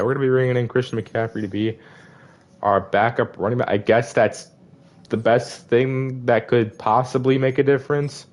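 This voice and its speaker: A young man giving casual gameplay commentary, frustrated and disappointed as he rambles through season stats. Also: mid-range voice. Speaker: gaming video creator.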